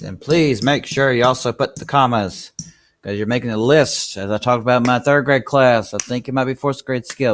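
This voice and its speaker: A man's voice: medium pitch, slight background noise. A man narrating a handwriting lesson in a chatty, encouraging way while he writes. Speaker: handwriting teacher. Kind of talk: casual tutorial narration.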